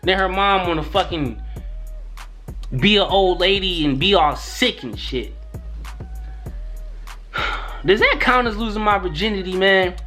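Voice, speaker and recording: Young male vlogger, animated slangy storyteller, bright lively voice, light music underneath. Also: high-pitched, normal speed. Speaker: YouTuber. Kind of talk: casual storytelling.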